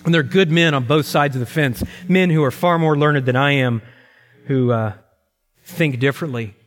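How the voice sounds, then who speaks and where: A middle-aged male pastor preaching a sermon with emphasis, slowing down to repeat key phrases. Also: fairly high pitch. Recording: long reverb in a large hall.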